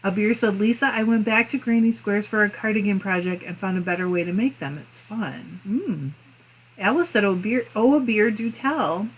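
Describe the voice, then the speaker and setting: A woman's voice: medium pitch, moderate pace, breathy edge, low-quality recording. A woman with a Midwestern accent hosting a live crafting stream, reading viewer comments aloud in a friendly, chatty way. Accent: Midwestern American. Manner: chatty and friendly, muses aloud with small laughs.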